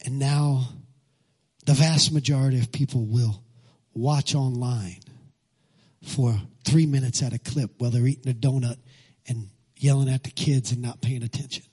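In a church sanctuary, a male pastor preaches passionately, leads the congregation in call-and-response, then moves into prayer. His husky voice is mid-range and warm, steady in tone, at a moderate pace.

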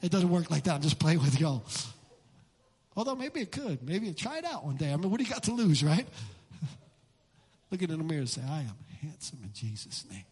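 Fervent high-voiced pastor in a reverberant church. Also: male voice, big pitch swings, moderate pace, pauses often, breathy edge. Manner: fervent, repetitive preaching that builds to shouts. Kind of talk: sermon. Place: church sanctuary. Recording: long hall reverb in a church.

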